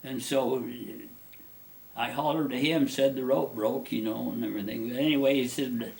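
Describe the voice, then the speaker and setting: A man's voice: mid-range voice, fairly even intonation, normal speed, creaky, a little mellow. A man being interviewed, telling a personal story in a rambling, folksy way with many restarts.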